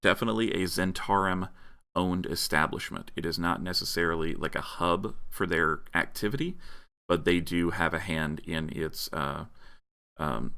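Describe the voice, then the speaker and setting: Deep-voiced man running a tabletop game. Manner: relaxed, filler-heavy narration. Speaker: dungeon master.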